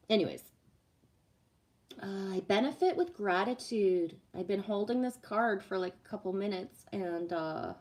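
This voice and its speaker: A woman's voice: mid-range voice, a little mellow. A woman reading cards on a live stream, chatting casually, swearing freely and answering viewer comments. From Canada. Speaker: livestream card reader.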